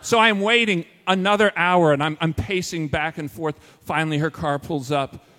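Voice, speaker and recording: A man tells a personal story to an audience with animated, self-mocking timing. His voice sits a little high for a man. The sound carries the long reverb of a large hall. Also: normal speed. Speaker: school teacher telling a personal story.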